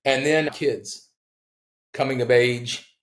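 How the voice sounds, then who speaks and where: A middle-aged man in a podcast chat, telling lively builder stories with a middle-pitched voice. He mimics the people in his tales with sudden high jumps in pitch. His voice sounds roomy, with echo from the room. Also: takes it slowly. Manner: animated storyteller who acts out quoted people with big jumps in pitch. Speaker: home builder, podcast guest. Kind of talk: casual storytelling in a podcast interview.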